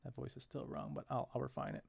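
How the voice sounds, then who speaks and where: A man's voice: mid-range voice, fast, vocal fry, breathy edge, dry recording, studio quality. A man in his thirties reading a comic aloud and commenting on it in a chatty way, with wry asides.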